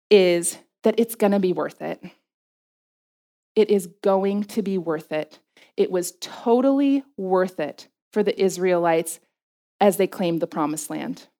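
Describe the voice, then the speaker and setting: A middle-aged woman giving a faith talk to a group, telling animated personal stories with quick asides and laughing at herself. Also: medium pitch. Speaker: speaker addressing a group.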